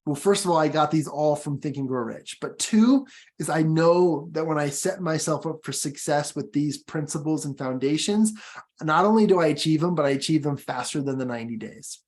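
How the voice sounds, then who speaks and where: A man's voice: on the high side, normal speed, darkish tone. A man coaching his audience in a motivational training talk, emphatic and encouraging, repeating his key points.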